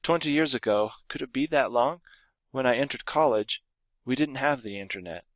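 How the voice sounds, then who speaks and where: A man gives a recorded grammar lesson, calmly explaining rules and reading out example sentences. His voice sits at a middle pitch. The recording is close and dry, with no room sound. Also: normal speed, dry recording. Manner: explains with read-aloud example sentences, some fillers and restarts. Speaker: grammar teacher.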